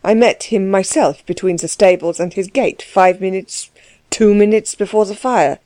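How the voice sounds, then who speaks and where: A woman voicing a gruff, overbearing middle-aged man who questions people curtly and pushily in a storybook reading. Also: medium pitch, steady tone, moderate pace, warm tone, no room sound, natural voice. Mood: menacing. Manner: curt, pushy questioning.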